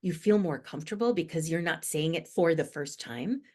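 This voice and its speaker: Middle-aged american-raised woman, podcast guest, somewhat low voice, earnest and animated when she explains. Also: normal speed. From United States. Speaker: guest expert on inclusive language. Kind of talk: podcast interview.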